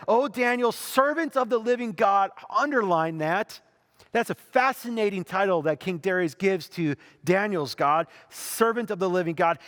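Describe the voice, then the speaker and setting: A man preaching as pastor, telling the story in a conversational, animated way and acting out the people in it. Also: high voice, in a large hall. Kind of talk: sermon.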